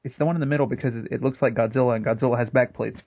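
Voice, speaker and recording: A man co-hosting a podcast, dropping deadpan jokes in casual commentary. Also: medium pitch, racing, vocal fry. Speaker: podcast co-host. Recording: dry muffled lo-fi recording.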